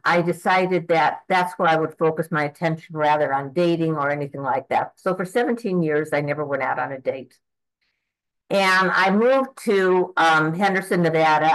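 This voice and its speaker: A woman's voice: fairly low pitch, rough recording. A woman of eighty giving an earnest, rambling personal testimony at a recovery meeting, with frequent restarts and fillers. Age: 80s.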